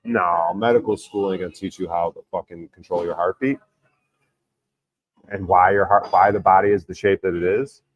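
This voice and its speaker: A man's voice: sits low, fairly even intonation, normal speed, muffled recording. A man hosting a livestream, reading the chat aloud and arguing insistently, with plenty of swearing. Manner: argumentative, insistent, swears a lot. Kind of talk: casual profane livestream rant.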